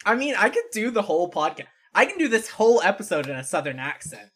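A woman's voice: medium pitch, sing-song, fast talker, fairly bright tone, slightly rough. A woman co-hosting a comedy podcast, giggly and self-mocking. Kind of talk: casual comedy podcast chat.

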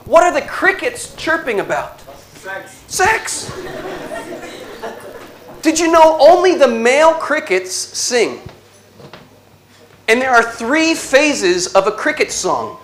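A man giving an inspirational religious talk, telling stories slowly with dramatic pauses and a playful, animated delivery. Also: extremely high pitch, a little hiss or hum. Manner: slow dramatic storytelling with pauses. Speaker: Catholic speaker.

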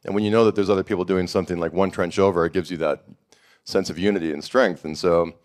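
Deep-voiced animated male storyteller. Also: fast talker. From Montana, USA. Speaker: founder of a summit and network. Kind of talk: panel storytelling.

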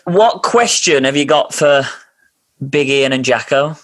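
A man's voice: fairly high pitch, animated, unhurried, fairly bright tone. A man hosting a casual family podcast, introducing guests with a jokey, teasing manner. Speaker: podcast host.

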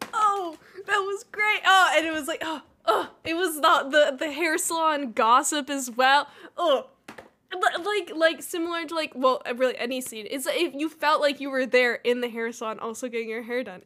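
Bright, high-voiced giggly woman. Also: animated, normal speed. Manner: giggly, gushing. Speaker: podcast co-host. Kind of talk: casual chat.

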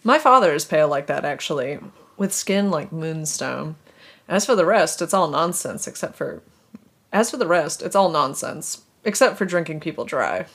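A woman's voice: low voice, expressive, moderate pace, a bit bright, full character voice. A woman voicing a suave, amused male space vampire with playful mock-British phrasing. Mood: teasing.

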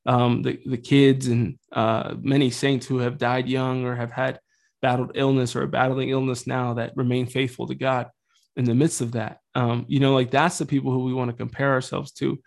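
A man's voice: medium pitch, flat delivery, normal speed, vocal fry. Earnest rambling man talking faith. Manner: earnest, rambling, swears lightly. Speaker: Catholic podcast host. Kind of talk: casual faith talk.

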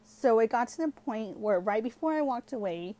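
A woman's voice: a little high, lively intonation, normal speed, darkish tone. Chatty young woman telling a story. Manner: chatty, heavy use of "like", switches between English and Spanish. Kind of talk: casual storytelling.

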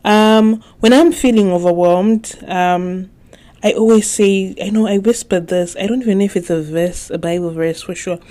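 A young woman hosting her own podcast in a casual, chatty way, often laughing and pausing with fillers. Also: mid-range voice, warm tone. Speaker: podcast host. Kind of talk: casual solo podcast talk.

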